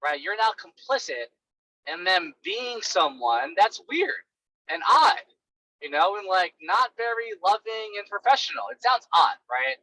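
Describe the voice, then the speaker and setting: Young male sales coach, high voice, bright and forceful, casual and blunt. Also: measured pace, dry recording, low-quality recording. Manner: animated, blunt, many fillers like "right" and "like".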